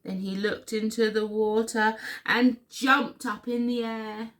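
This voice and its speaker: A woman reading a children's picture book aloud for storytime in an expressive, sing-song way. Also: fairly high pitch, slow. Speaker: story reader.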